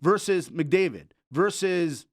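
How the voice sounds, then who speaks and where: A man's voice: high-pitched, slow, no room sound, clean studio sound. A man co-hosting a sports podcast, joking and ranting in casual banter. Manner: animated, joking, riffs and rants. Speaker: podcast co-host.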